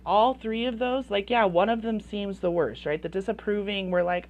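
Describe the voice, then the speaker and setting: A woman's voice: medium pitch, expressive, moderate pace, few pauses, darkish tone. A woman in her thirties, a parenting coach, talking bluntly and with passion, swearing and hammering points home through repetition. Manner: blunt and impassioned, swearing, repeating phrases for emphasis. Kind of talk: direct-to-camera talk.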